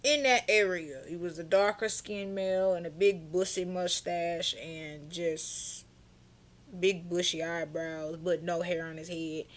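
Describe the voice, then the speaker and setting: A young woman telling a storytime vlog in a sassy, animated, slang-filled way. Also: on the low side, measured pace. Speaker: vlogger.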